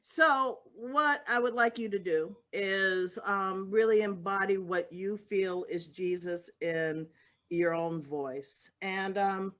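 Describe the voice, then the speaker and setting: A woman playing a casting director in an improv comedy scene, rambling and halting, full of fillers, over a video call. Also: medium pitch, fairly bright tone.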